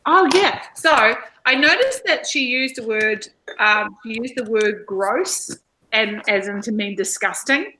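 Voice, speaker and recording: An Australian woman co-hosting a casual book discussion, chatty and quick to laugh. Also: on the high side, animated, sharp tone, rough recording. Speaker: book club co-host.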